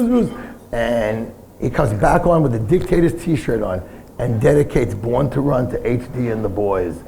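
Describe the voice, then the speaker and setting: A man from the Bronx, a punk singer, telling lively stories in an interview at a bar and laughing through them. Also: medium pitch, gravelly, slight background noise. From the Bronx, New York. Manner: animated raconteur, laughs through his stories. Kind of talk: storytelling interview.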